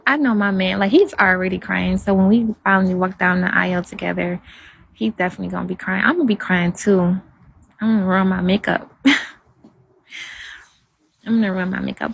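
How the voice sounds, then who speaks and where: Woman livestreamer, husky tone, loose rambling chat with viewers. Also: mid-range voice, flat delivery, moderate pace. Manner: rambling, soft-spoken, answers comments.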